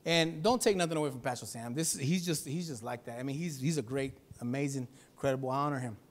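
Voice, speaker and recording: A male pastor preaching at a church service, swinging from loud exhortation to softer speech and calling out to the congregation for a response. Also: mid-range voice, fast talker. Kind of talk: sermon.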